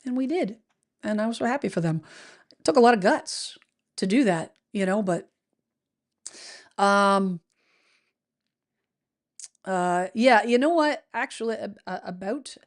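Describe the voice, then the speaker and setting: A woman's voice: medium pitch, expressive, a little slow, pauses often. A middle-aged woman from the United States hosting a real estate show, chatting casually and reading out viewer comments with many fillers and restarts.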